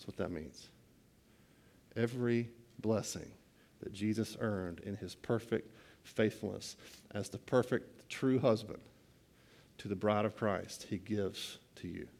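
A middle-aged man preaching a sermon, swinging between hushed, quiet lines and loud, excited bursts. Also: lowish voice, measured pace, vocal fry, pauses often. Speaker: pastor.

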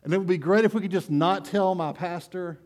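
A man voicing a smooth-talking male addict in denial, breezy and pleading in a raised voice. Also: sits high, fairly quick, a little mellow, pitched above the performer's own voice, lightly acted. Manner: breezy, pleading, self-assured.

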